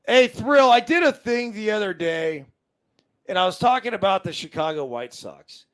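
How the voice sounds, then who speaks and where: A man in his forties, a former ballplayer co-hosting a casual sports chat, talking in an excitable, profane, emphatic way. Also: high-pitched, moderate pace, clear, resonant tone, rough recording. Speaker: co-host, former baseball player.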